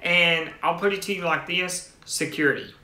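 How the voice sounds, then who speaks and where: A man's voice: a little high, steady tone, normal speed, pushed and bright, roomy sound. A man hosting a tech channel in casual live-stream chat, rambling with restarted phrases as he answers viewer comments.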